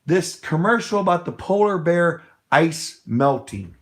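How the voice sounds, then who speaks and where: In an unhurried, expressive voice on the high side, a middle-aged American political speaker gives a passionate talk. His long story unfolds emphatically, with rambling and hesitation.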